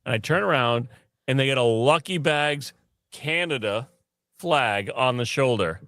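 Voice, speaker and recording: A man co-hosting a podcast in easy, casual chat, at a middle pitch. He tells stories with animation, laughs often and slips into other people's voices. The sound is dry and close, like a home studio mic. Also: expressive, a little slow, a bit bright, dry recording. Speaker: podcast co-host.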